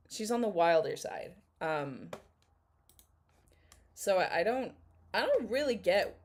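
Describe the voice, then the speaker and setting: A woman's voice: fairly low pitch, darkish tone. A woman vlogger chatting casually in commentary, candid and opinionated, hedging with fillers.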